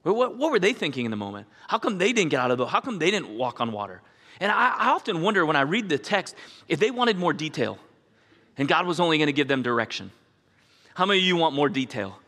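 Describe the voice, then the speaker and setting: Pastor, male, middle-aged: bright, slightly high voice, animated storyteller, long church reverb. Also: fast. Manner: animated storytelling, acts out voices, asks the congregation questions. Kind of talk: sermon. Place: church sanctuary.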